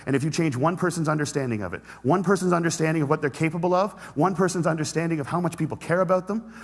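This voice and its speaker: A man's voice: fairly high pitch, slightly rough. A man giving a motivational talk on stage, telling stories with humor and speaking directly to the audience. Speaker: conference speaker. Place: large auditorium stage. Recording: reverberant hall sound.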